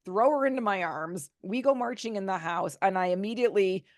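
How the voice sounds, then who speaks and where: In a clean studio recording with no room sound, a woman podcast guest who is an author tells a personal story candidly in an interview. Her mid-range voice moves fairly quickly, and she brings the tale to life by acting out quotes.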